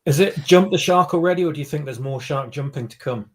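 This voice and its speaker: A man's voice: on the high side, fast, a little hiss or hum. A man in a casual podcast chat, chiming in with dry, agreeable asides.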